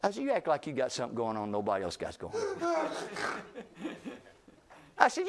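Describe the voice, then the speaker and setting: A man's voice: medium pitch, normal speed, long pauses, crowd noise. A male pastor telling a story in a sermon, acting out the people he quotes with rising intensity. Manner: animated, acts out quoted speech with rising intensity.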